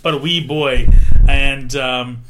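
Loud, bright-voiced man. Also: mid-range voice, fairly even intonation, takes it slowly, slight background noise. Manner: loud, self-described loudmouth. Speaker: podcast co-host. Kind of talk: casual banter over drinks.

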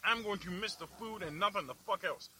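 Young male vlogger, high, very bright and forceful voice, profane angry rant recorded in a car with faint road noise. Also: fairly quick, rough recording. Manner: angry, foul-mouthed, laughing at himself. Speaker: vlog host. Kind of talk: profane ranting while driving. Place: in a car in the city.

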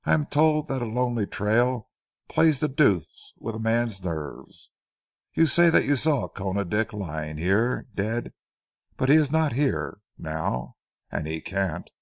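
A man voicing a haughty, mocking gentleman who brushes off a policeman's questions. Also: on the low side, expressive, slow, vocal fry, no echo, studio quality, heavily acted. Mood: scornful. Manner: scornful, dismissive laughter in his words.

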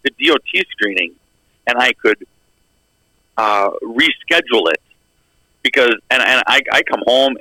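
A man's voice: mid-range voice, bright, forceful tone, dry recording, low-quality recording. A middle-aged man on a podcast telling a long story in a casual, rambling way, acting out the lines of the people in it. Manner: rambling, acts out quoted dialogue. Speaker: podcast co-host.

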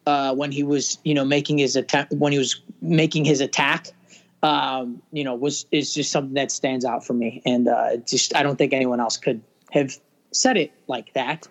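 A man co-hosting a podcast, talking casually and haltingly with many fillers. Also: medium pitch, fairly even intonation. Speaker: podcast co-host.

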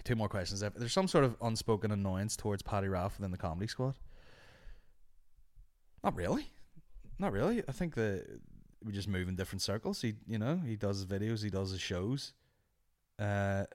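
Brief: low-voiced man, sweary sardonic comic host, rambling chat. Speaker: comedian podcast host. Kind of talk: casual chat answering listener questions. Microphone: studio microphone.

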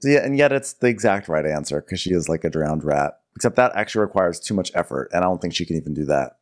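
A man's voice: low voice, lively intonation, quick pace. A man co-hosting a comedic TV recap podcast, riffing on references and putting on campy voices. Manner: joking, riffs on references, puts on campy voices. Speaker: podcast co-host.

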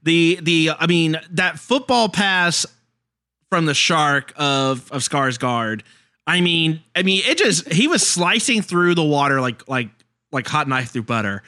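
A man co-hosting a casual movie podcast, animated and quick to laugh. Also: on the high side. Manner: animated, laughs often, jumps between points. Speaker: podcast co-host.

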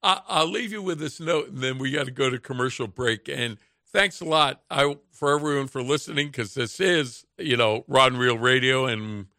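A man's voice: mid-range voice, moderate pace, few pauses, bright, forceful tone, dry recording, clean studio sound. A man hosting a radio show, telling folksy anecdotes in casual chat and chuckling often.

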